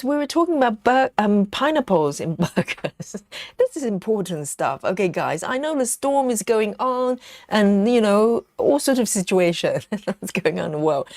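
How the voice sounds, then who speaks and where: A friendly, chatty woman hosts a live stitch-along, reading viewer comments and rambling happily between them. Her voice sits at a middle pitch and sounds close and dry, with little room sound. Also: darkish tone, no echo. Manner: chatty, reads viewer comments aloud, frequent ums and you-knows. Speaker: livestream host. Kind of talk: casual live chat while stitching.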